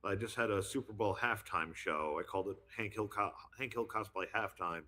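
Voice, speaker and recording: A man's voice: on the low side, brisk, sharp tone. A man chatting as a guest, rambling with many fillers as he explains his voice impressions. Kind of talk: casual chat.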